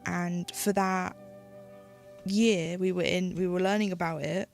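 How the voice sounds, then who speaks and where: British woman streamer, casual and rambling, a little gravelly, with faint music behind her. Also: on the low side, fairly even intonation, a little slow. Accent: British English. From United Kingdom. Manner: chatty, rambling, with frequent "like" and restarts. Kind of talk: casual chat while stitching on a live stream.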